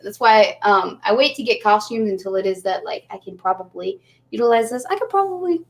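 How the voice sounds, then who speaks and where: A tipsy woman chatting loosely with her viewers, wandering from thought to thought. Her voice sits at an ordinary middle pitch but jumps up high whenever something catches her attention. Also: steady tone, a little fast, gravelly. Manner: rambling, easily distracted, jumps around in pitch. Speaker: channel host. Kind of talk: casual chat to viewers.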